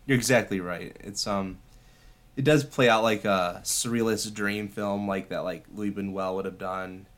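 A man's voice: on the low side, steady tone, a little slow. A man co-hosting a casual film podcast, thoughtful and agreeable. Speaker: podcast co-host.

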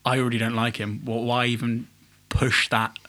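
A man's voice: medium pitch, completely flat delivery, normal speed, bright, forceful tone. A man co-hosting a podcast, telling rambling, self-mocking stories in casual chat. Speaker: podcast co-host.

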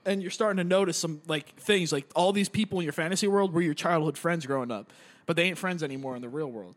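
A young man describes a game in a casual chat, talking fast in a fairly high voice. He rambles, uses lots of filler words, and swears.

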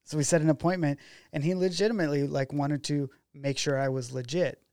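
A documentary filmmaker from Oregon tells a story to a podcast host in a casual interview, animatedly slipping into other people's voices when he quotes them. His ordinary-pitched voice is gravelly with a light creak and fairly quick. The sound is dry and close-miked, with no room around it.

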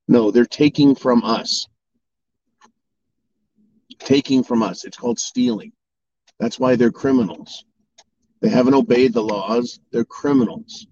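A man's voice: medium pitch, mellow, dry recording, muffled recording. A man delivering an angry political monologue, swearing and mocking opponents in sarcastic voices. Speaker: political commentator. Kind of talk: ranting monologue.

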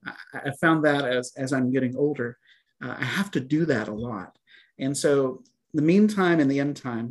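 A middle-aged man preaching a sermon as a pastor, in a relaxed, conversational way with fillers and small laughs. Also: mid-range voice, breathy edge.

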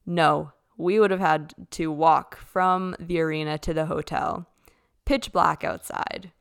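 Young woman telling a story, chatty, says like a lot, deep-ish gravelly but smooth voice. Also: steady tone, takes it slowly. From Canada. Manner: chatty, with lots of "like". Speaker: figure skater hosting a podcast. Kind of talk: casual storytelling.

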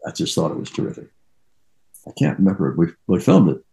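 A man's voice: low-pitched, big pitch swings, brisk, vocal fry, dark tone, low-quality recording. An older actor being interviewed, telling rambling anecdotes and trailing off as he reminisces.

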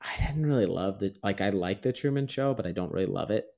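A man's voice: fairly low pitch, expressive, fast talker, vocal fry, a little mellow. A man co-hosting a podcast, musing and hedging in casual chat about movies. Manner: musing, hedging, with frequent fillers. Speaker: podcast co-host.

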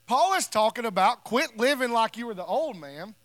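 A man with a notably high, bright voice delivers a sermon as pastor, talking to his congregation in an easy, conversational way and pressing his points with emphasis. His voice is close and dry, with almost no room sound around it. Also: very animated, moderate pace, dry recording. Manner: conversational, emphatic preaching with playful asides.

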